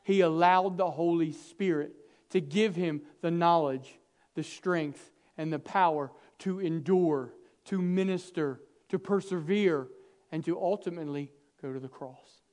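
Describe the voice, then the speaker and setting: A man preaching a sermon, swinging from hushed, intimate lines to loud, animated bursts, acting out quoted dialogue with humor. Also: a little high, measured pace.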